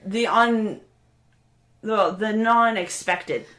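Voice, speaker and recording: A woman co-hosting a podcast in casual chat, animated and laughing, swearing freely. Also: mid-range voice, extremely slow, echoey room. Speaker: podcast co-host.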